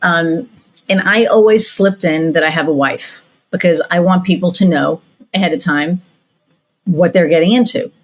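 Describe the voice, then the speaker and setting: A woman's voice: lowish voice, moderate pace, low-quality recording. A woman hosting a podcast, chatting casually and telling a story with lots of fillers and restarts. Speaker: podcast host. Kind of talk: casual interview chat.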